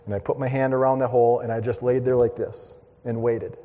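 A man preaching, telling a lively childhood story to his congregation and drawing a lesson from it. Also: medium pitch, a little fast, long reverb tail, narrow, tinny audio. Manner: animated storyteller, acts out voices and shouts. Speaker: pastor. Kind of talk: storytelling sermon.

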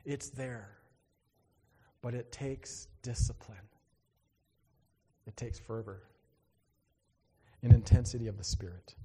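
A man's voice: medium pitch, slow, pauses often, mellow, husky, big-room sound. A male pastor preaching a sermon in a church, in a conversational way with joking asides to the congregation.

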